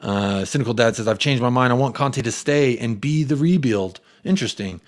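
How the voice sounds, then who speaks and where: An American young man hosting a football fan live stream, reading viewers' comments aloud and giving them shout-outs in an animated way. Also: medium pitch, brisk. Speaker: fan channel host.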